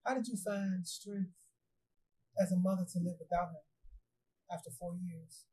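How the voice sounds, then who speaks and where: A woman interviewer asking quiet, gentle questions from a distance. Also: fairly low pitch, normal speed, slightly rough.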